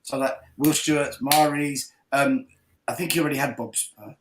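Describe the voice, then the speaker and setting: A man hosting a fan call-in show, telling a lively, swearing story in casual chat. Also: mid-range voice, normal speed, echoey room, background noise.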